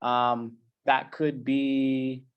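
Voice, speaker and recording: A man's voice: medium pitch, flat delivery, drawn-out words, smooth, muffled recording. A man who is a coach giving a casual, conversational talk in slangy everyday language. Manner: conversational and slangy, with many fillers. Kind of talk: casual presentation.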